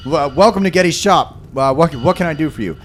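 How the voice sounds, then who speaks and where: A man's voice: a little high, lively intonation, a little fast, pitched above the performer's own voice, close to an everyday voice. A man voices a sleep-deprived blacksmith shopkeeper who sounds raised and pinched. He stammers and hurries through his words, harried and distracted, over a faint hiss. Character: frazzled overworked middle-aged male blacksmith shopkeeper.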